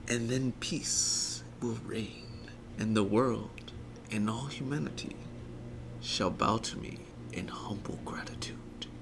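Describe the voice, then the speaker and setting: A man putting on the voice of a grandiose, megalomaniac male warlord villain, whispering breathily and breaking into high, tearful cries. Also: slow, vocal fry, pauses often.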